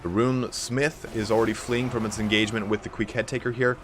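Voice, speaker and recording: A young man with a raspy, allergy-hoarse voice giving casual play-by-play commentary on a strategy game match. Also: fairly low pitch, little pitch movement, background noise. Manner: casual, fast-flowing play-by-play with fillers. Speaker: game caster.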